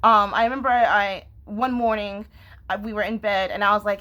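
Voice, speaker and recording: Bright-voiced woman vlogging candidly. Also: mid-range voice, fairly even intonation, moderate pace. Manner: candid, laughs often, restarts and fillers. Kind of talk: confessional vlog talk.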